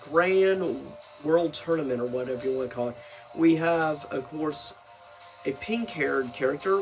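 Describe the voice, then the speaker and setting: Man, casual rambling commentary, fillers and restarts, somewhat high voice, faint music behind. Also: distant mic, rough recording. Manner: chatty and rambling, with fillers and self-corrections. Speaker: video host ranking seasons of a cartoon.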